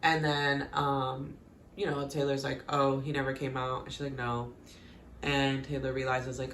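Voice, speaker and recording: A woman casually recapping a TV episode with lively, animated reactions, quoting the characters and laughing often. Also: a bass voice, unhurried, reverberant, slight background noise. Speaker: recap vlogger.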